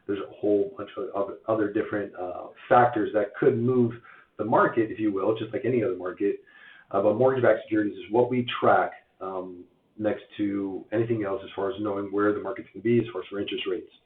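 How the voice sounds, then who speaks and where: A man with a hoarse voice from losing it, giving a chatty live-stream update on mortgage rates, full of uhs and restarts. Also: on the low side, fairly even intonation, fast talker. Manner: chatty, filler-heavy, many uhs and restarts. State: hoarse, lost voice. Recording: tinny phone-like sound in an echoey room.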